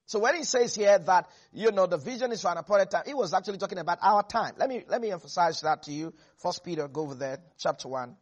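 A man's voice: high voice, lively intonation, highs cut off. A man preaching a sermon, reading scripture aloud and calling on the congregation to answer back. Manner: emphatic preaching with call-and-response to the congregation; reads scripture aloud in a measured cadence.

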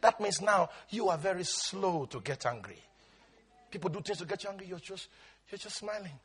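A man with a very high, bright and somewhat husky voice delivers a sermon as a pastor. His pitch swings widely as he drags words out for emphasis and then bursts into shouts. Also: animated, normal speed.

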